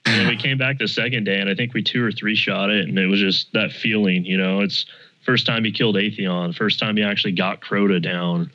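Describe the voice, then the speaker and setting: Man, casual chat, lively storyteller, bright forceful tone, lower pitch, dull lo-fi mic. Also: a little fast. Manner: animated storyteller, swears casually. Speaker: podcast guest.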